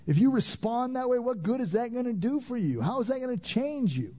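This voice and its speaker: A man's voice: extremely high pitch, sing-song, a little fast, dark tone, highs cut off. A man preaching a sermon as pastor, emphatic, repeating phrases and asking the congregation questions. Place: church sanctuary.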